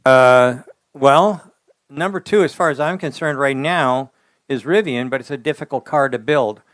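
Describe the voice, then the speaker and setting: An older man talks shop as an engineering expert, blunt and folksy, livening up when he tells a story. His voice is smooth and resonant. It is recorded close and dry, with no room sound. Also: medium pitch, moderate pace, no room sound. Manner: blunt, folksy, animated when telling stories. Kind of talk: interview answers.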